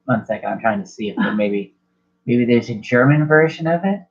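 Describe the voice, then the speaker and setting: A man's voice: mid-range voice, expressive, fairly quick, vocal fry. A man running a horror tabletop game as game master, rambling, self-correcting, swearing casually. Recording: dull lo-fi recording.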